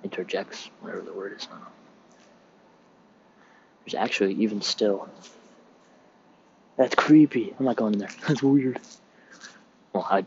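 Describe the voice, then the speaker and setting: Low-voiced young man rambling outdoors. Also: moderate pace, gravelly, long pauses, darkish tone, muffled recording, slight background noise. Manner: rambling, loose and profane. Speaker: sailor recording a podcast. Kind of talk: casual rambling monologue while walking. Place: outdoors on a military base, cold.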